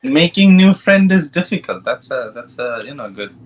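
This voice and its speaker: A man's voice: fairly high pitch, very animated, moderate pace, rough recording. A man co-hosting a casual podcast chat, joking crudely and playfully. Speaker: podcast co-host.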